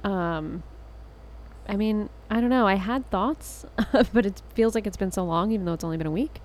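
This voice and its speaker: A woman co-hosts a podcast in a relaxed, easygoing manner. Her voice sits in a middle range and stays casual. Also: mid-range voice, normal speed. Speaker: podcast co-host. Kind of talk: casual chat.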